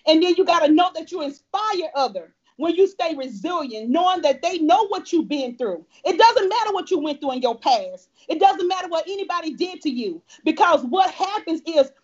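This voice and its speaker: New orleans lady speaking on a video call, high voice, muffled lo-fi sound, earnest and emphatic. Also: animated, normal speed, hardly any pauses, a little mellow. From New Orleans, Louisiana. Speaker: guest speaker. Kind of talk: keynote pitch on a video call. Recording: dull lo-fi video call audio.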